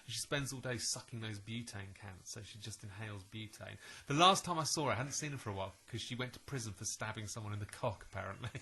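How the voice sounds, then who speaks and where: A man telling stories in casual chat, deadpan and swearing freely. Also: lowish voice, quick pace, hardly any pauses, breathy edge. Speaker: podcast co-host.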